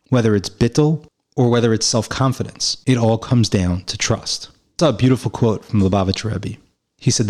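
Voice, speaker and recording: A man's voice: mid-range voice, darkish tone. A man giving a reflective spiritual teaching, telling a parable and repeating phrases for emphasis.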